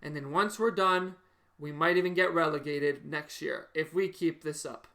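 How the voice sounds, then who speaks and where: A man's voice: fairly high pitch, steady tone, moderate pace, creaky, pushed and bright. A man hosting a football fan video, delivering an exasperated post-match reaction rant with heavy swearing and repeated phrases. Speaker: football fan channel host.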